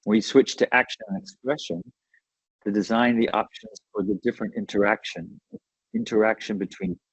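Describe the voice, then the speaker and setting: A man's voice: on the low side, steady tone, normal speed, slightly rough, no echo, rough recording. A man giving an educational webinar talk in an enthusiastic, conversational way, often checking in with "right?". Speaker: webinar presenter.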